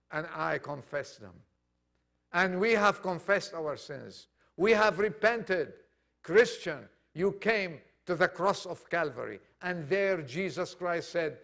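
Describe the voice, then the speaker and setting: A man preaching a sermon to a congregation, acting out quoted dialogue and swinging from loud declarations to hushed lines. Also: sits high, lively intonation, slow pace, gravelly. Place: church congregation.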